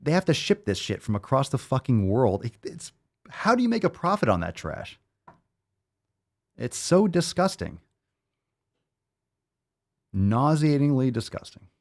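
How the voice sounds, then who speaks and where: A man's voice: medium pitch, big pitch swings, measured pace, pauses often. A male podcast host ranting bluntly and profanely in a monologue.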